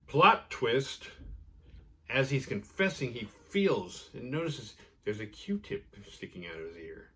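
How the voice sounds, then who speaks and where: A man hosting a podcast, casually retelling a horror episode with profanity and quick acted-out quotes. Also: fairly low pitch, very animated, bright, forceful tone, slight background noise. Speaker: podcast host recapping episodes. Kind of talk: casual recap chat.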